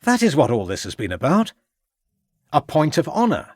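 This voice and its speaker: A man's voice: on the low side, very animated, moderate pace, dry recording, clean studio sound. A man playing a firm, probing inspector. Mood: pressing. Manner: firm, pressing, commanding. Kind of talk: audiobook character voice.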